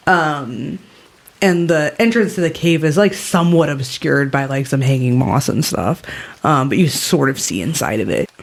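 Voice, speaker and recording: A woman's voice: low-pitched, creaky. Chatty woman running a tabletop game. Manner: loose and chatty, many fillers. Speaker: game master. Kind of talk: casual tabletop game narration.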